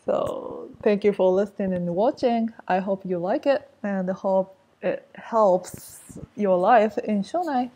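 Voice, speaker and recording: A woman's voice: mid-range voice, takes it slowly, dark tone. A woman giving a casual language lesson, explaining step by step and repeating key phrases. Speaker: language teacher.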